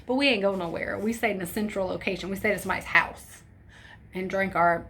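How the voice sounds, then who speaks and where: A young woman telling a storytime tale in casual, profane, animated chat, acting out her friends' lines. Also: mid-range voice, brisk, a little hiss or hum. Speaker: storytime vlogger.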